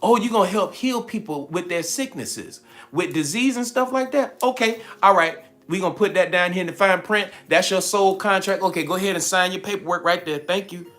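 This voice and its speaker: A man's voice: sits high, brisk, fairly bright tone, faint music behind. A man hosting a spiritual livestream, talking playfully to his viewers, laughing often and acting out quoted voices. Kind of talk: animated live-stream talk to viewers.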